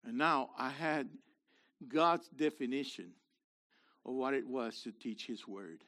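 Older male preacher-teacher, lively, dramatic delivery, loud then hushed. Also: mid-range voice, slow pace. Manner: dramatic swings between loud emphasis and quiet asides. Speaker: minister and university teacher. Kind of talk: sermon-style teaching talk.

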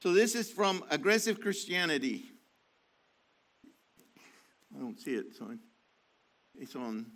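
A man's voice: fairly high pitch, big pitch swings, slow pace, pauses often, a bit bright. A man preaching, reading from an article and repeating key phrases with emphasis, with many restarts. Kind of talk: sermon reading from an online article.

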